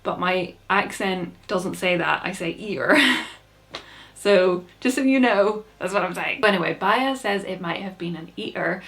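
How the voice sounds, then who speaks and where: A young woman giving a playful, chatty plot recap for her book channel and briefly slipping into quick character voices. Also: lowish voice, a bit bright. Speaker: book vlogger.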